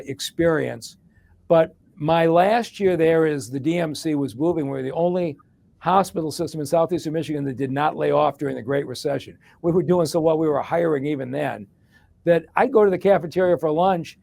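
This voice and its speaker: Answering an interview question, a middle-aged former hospital executive and mayor from Detroit tells a long story in plain terms. He speaks at a fairly high pitch with vocal fry and a darkish tone.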